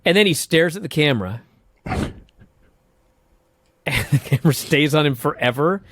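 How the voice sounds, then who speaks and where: A man's voice: on the high side, moderate pace, a bit bright, dry recording, clean studio sound. A man co-hosting a casual podcast, animatedly retelling events with laughs and the odd swear. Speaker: podcast co-host. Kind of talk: casual chat recapping wrestling.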